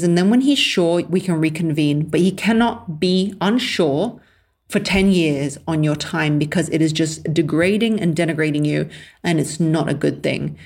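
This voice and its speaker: Low-voiced blunt woman. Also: darkish tone. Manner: emphatic, blunt and sardonic. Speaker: podcast host. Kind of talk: solo advice podcast monologue.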